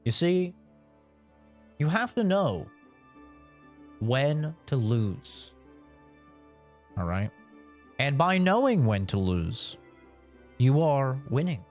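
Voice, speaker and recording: A man's voice: mid-range voice, a little mellow. A young man streaming a game, giving mock-serious life advice in a joking, preachy way. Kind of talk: casual gameplay commentary.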